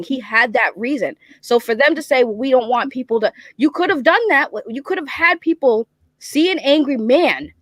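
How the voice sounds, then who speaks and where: Brief: outspoken woman with a Boston accent, heated opinions, highish voice, dry close mic. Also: a bit bright, no echo. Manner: fiery, opinionated, fast-talking. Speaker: guest on a livestream talk show. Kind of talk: casual chat.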